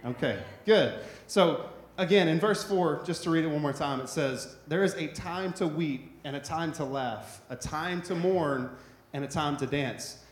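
A male pastor with a high voice delivers a sermon in a relaxed, conversational way. He keeps checking in with the congregation with "right?". The sound is roomy and echoey. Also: unhurried. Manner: conversational, repetitive, asks "right?" often.

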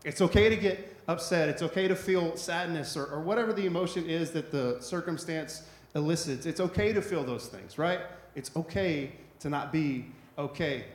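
A male pastor with a high voice delivers a sermon in a relaxed, conversational way. He keeps checking in with the congregation with "right?". The sound is roomy and echoey. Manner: conversational, repetitive, asks "right?" often.

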